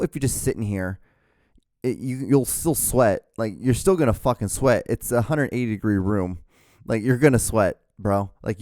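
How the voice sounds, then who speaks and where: A man's voice: on the low side, mellow, no echo, studio quality. A young man hosting his own show, ranting in a rambling, profane, exasperated way. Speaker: podcast host. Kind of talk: casual rant.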